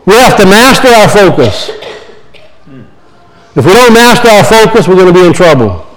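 A man's voice: high voice, very animated, moderate pace, rough recording. A man, preaching a sermon in a folksy storytelling way and acting out the voices in his stories. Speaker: pastor.

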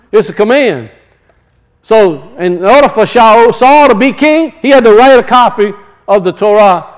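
A man teaching scripture in a conversational sermon style, rising into emphatic preaching. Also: sits high. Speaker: Bible teacher.

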